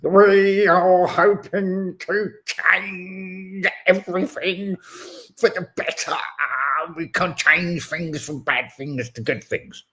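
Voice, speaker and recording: A man doing an impression of a stiff, earnest middle-aged politician who speaks slowly and blandly. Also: high voice, steady tone, fairly bright tone, pitched above the performer's own voice. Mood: pompous, earnest. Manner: slow, drawn-out, plodding delivery.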